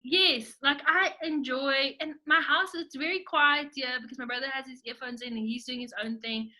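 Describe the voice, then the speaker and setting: A young woman co-hosting a podcast in casual chat, emphatic and opinionated. Her voice is high and piercingly bright, and she leans hard on "like" as she talks. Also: normal speed. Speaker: podcast co-host.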